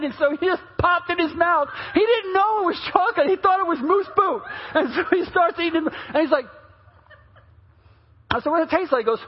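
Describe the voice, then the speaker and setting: A man pastor telling a story in a chatty sermon, with many restarts, getting louder toward the punchlines. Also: very high-pitched, lively intonation, moderate pace, lo-fi sound.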